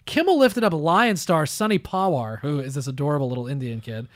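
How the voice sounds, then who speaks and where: A man's voice: a little high, animated, brisk, no echo, clean studio sound. A man hosting a podcast, ranting sarcastically about the news in casual chat. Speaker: podcast host. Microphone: close studio mic.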